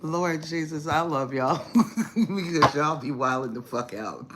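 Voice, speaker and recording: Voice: mid-range voice, expressive, a little slow, heavy background noise. A spiritual reader hosting a casual livestream chat with viewers, swearing freely, laughing often, teasing, and calling the audience baby and honey. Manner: affectionate address, calls viewers baby and honey. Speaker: spiritual reader and channel host.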